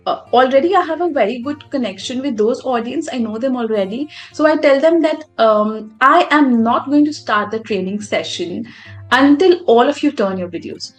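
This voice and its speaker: Woman, speaking coach, emphatic and animated delivery, faint music behind. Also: fairly high pitch. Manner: animated, emphatic, demonstrates voice modulation. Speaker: public speaking coach, guest. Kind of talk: podcast interview, advice.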